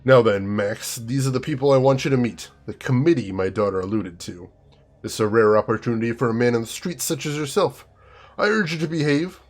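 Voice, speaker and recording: A man voicing a cold, stern older male executive who talks low, quiet and clipped. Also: brisk, lightly acted. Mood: icy.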